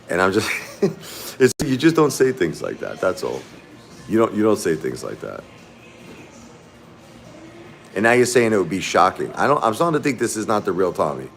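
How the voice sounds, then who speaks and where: Middle-aged male streamer, very low voice, repetitive, chatty, faint music behind. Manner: rambling, repeats himself, addresses viewers by name. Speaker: livestream host. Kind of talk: casual livestream talk to chat. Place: fast-food restaurant.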